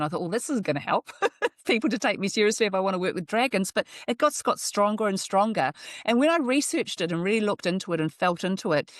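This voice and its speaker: A middle-aged woman speaks in an earnest, chatty way about her spiritual work, with laughs slipping in between her thoughts. Her voice sits at an ordinary middle pitch and sounds close and dry, with no room around it. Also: no room sound. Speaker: astrologer and workshop leader. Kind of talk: relaxed interview talk. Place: New Zealand.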